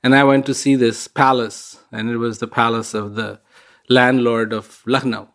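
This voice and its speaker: A man's voice: medium pitch, level tone, normal speed, a bit bright. A man giving an inspirational talk, telling stories in a conversational way and repeating words for emphasis. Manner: conversational storyteller with fillers. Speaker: speaker giving a reflective talk.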